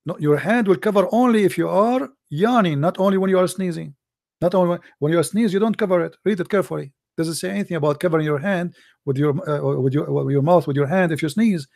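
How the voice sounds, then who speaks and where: A man's voice: sits high, fast talker, gravelly, a little mellow, dry recording. A man with a slightly raised voice argues in a religious debate call. He mocks and pushes his questions sarcastically. His voice is recorded close and dry. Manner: sarcastic, mocking, pressing questions. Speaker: host of a debate call-in show.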